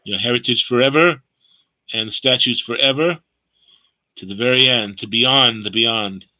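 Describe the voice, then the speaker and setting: Man teaching scripture, very bright voice, repeats phrases, slow explanations. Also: mid-range voice, poor audio. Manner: explains word meanings slowly, repeating phrases. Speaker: Bible study leader. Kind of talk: teaching a scripture study session.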